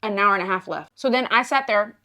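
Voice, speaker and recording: A woman podcast co-host telling a travel story in casual chat, animated and profane, acting out the people she quotes. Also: medium pitch, brisk. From Latino family.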